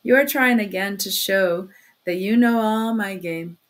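A woman's voice: medium pitch, measured pace, natural voice. A woman reading aloud as a tense, feverish young man who answers in a strained, bitter and defensive way. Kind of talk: audiobook reading.

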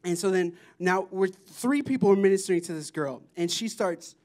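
A man sharing mission trip testimonies at a church, telling the stories in an excited, animated way, often laughing. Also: sits high, moderate pace. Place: church service.

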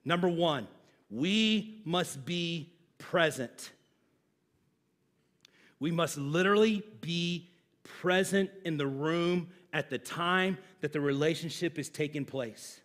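A man's voice: fairly high pitch, slow, fairly bright tone. A middle-aged man, a pastor, preaching a sermon in a church with a humorous, conversational storytelling manner.

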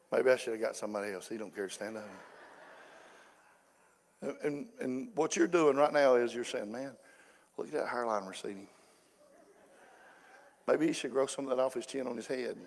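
A pastor preaching a sermon in a folksy way, moving from quiet asides to shouted fervor. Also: male voice, mid-range voice, normal speed, creaky, pauses often. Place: church sanctuary. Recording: echoey church hall.

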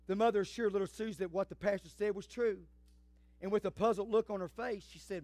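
High-voiced preacher, impassioned. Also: male voice, brisk, dry recording. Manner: impassioned, swells into shouting. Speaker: pastor. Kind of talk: sermon.

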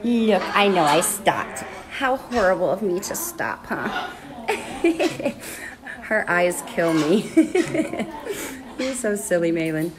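A woman caring for parrots at a rescue, filming on her phone and talking to the birds in a high, sing-song baby voice between explanations to viewers. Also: very animated, slow pace. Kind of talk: live-streamed feed from a bird rescue. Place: indoor bird rescue room. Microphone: phone held in hand. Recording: loud bird noise behind. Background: loud parrot squawks and chatter.

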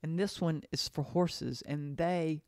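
A woman's voice: deep voice, a little mellow, no echo, studio quality. A woman talking in a casual monologue, earnest and emotional, often repeating herself and restarting her sentences. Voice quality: halting, repeats phrases, trails off and restarts. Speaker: podcast host.

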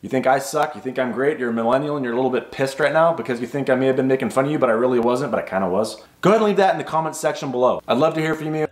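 A man's voice: very fast, hardly any pauses. A man hosting a video channel about sleep apnea gear, talking in a casual, joking, self-mocking way. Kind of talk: casual vlog talk. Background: his own bass playing.

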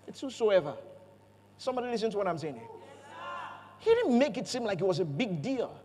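High-voiced pastor preaching in a hall. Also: male voice, brisk, long pauses. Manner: animated, playful storytelling with jokes and call-outs to the congregation. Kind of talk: sermon. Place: church auditorium.

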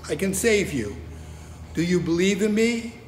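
A man voicing a calm divine voice from above. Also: sits high, a little slow, a little hiss or hum. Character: the Lord answering from above, calm. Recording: reverberant hall.

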